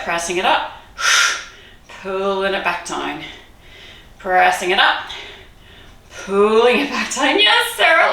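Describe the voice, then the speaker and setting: A woman coaching a live online kettlebell workout, encouraging and out of breath, cueing reps with quick laughs. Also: medium pitch, sharp tone, recorded from a distance. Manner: encouraging, breathy between cues, laughs often. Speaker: kettlebell fitness instructor. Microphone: video call. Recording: echoey room, voice a bit off-mic.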